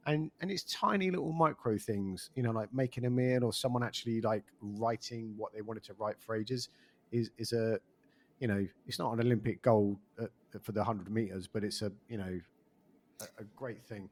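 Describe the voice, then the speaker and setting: A man's voice: on the low side, moderate pace. A man hosting a casual interview who rambles and often stops himself mid-thought. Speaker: podcast host.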